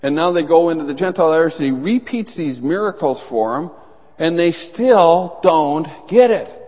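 Animated preacher man in a reverberant hall. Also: fairly high pitch, normal speed. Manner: animated storytelling, acts out voices in anecdotes. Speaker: pastor. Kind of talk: sermon. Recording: long reverb in a large hall.

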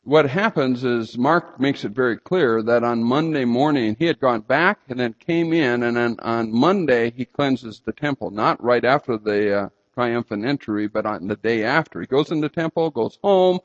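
A man preaching a sermon, telling stories and sometimes breaking into loud outbursts. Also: medium pitch, moderate pace, few pauses. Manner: storytelling with sudden loud outbursts. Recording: slightly dull lo-fi sound.

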